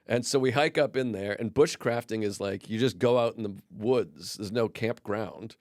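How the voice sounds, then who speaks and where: A man's voice: fairly low pitch, normal speed, a little mellow, no room sound, clean studio sound. A man from Boston, a comedian guest on a podcast, telling rambling stories in casual chat and swearing freely.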